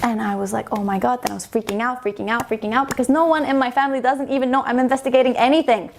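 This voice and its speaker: A woman in her thirties from Estonia recounts a personal story in relaxed, conversational speech. Her voice has a marked vocal fry. She gets emotional and acts out the dialogue she quotes. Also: fairly high pitch, racing, hardly any pauses. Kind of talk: personal testimony, casual storytelling.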